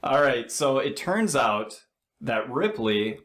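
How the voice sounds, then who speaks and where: A man recapping a movie scene by scene on a podcast, sometimes acting out what the characters say. His voice sits at a middle pitch. The recording has a roomy echo. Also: very animated, slow pace, a bit bright. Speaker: podcast co-host.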